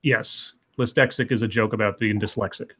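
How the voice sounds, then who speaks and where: A man's voice: on the low side, steady tone, a bit bright, slightly rough. A man co-hosting a casual livestream, reading out donations and stammering often. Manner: stammering, quick to laugh.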